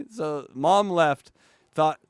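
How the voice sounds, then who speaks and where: A man's voice: on the high side, expressive, extremely slow, slight background noise. A male show host chatting in a giggly, gushing, easily amused way. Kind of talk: late-night show banter.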